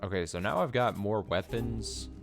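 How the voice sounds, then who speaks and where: A man's voice: lowish voice, normal speed, creaky, soft background music. A young man streaming a video game, chatting casually and wondering aloud as he reads in-game text. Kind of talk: casual gameplay commentary, reading text aloud.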